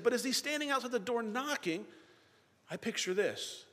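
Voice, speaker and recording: Pastor guy preaching, voice up high, big echoey church hall, goes loud then real quiet. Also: animated, normal speed, slightly rough. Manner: preaching with swings from loud to hushed. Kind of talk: sermon. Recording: long reverb of a large hall.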